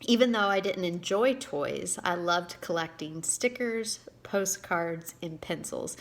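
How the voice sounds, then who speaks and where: Woman in her 40s, lower voice, personal video reading her own story, gets choked up, halting delivery. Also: fairly bright tone. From Indiana, USA. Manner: emotional, halting, reading aloud with pauses. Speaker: author and giving speaker.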